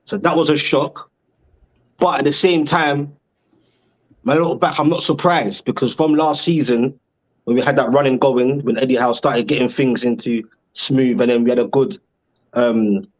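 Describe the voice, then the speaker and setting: A man's voice: fairly high pitch, lo-fi sound. A man speaking frankly and casually about his football club as a fan on a panel.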